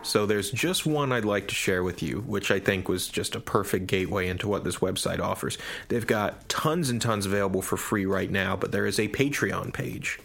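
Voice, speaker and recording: A man co-hosting a podcast in casual chat, retelling a story with animated enthusiasm. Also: on the low side, normal speed, creaky, few pauses. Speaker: podcast co-host.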